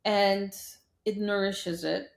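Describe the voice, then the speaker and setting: A woman guest in a podcast interview, talking as a skincare scientist and telling lively stories in which she acts out other people's voices. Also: mid-range voice, slow pace, vocal fry. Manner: lively storyteller who acts out quoted voices. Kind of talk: interview conversation. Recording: roomy echo.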